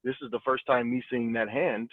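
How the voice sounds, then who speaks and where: A man's voice: medium pitch, fairly even intonation, fairly quick, no echo. A man hosting a group call, talking in an encouraging, rambling way with many restarts. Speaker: call host. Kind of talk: casual group call talk. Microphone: cell phone. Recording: tinny phone-line audio.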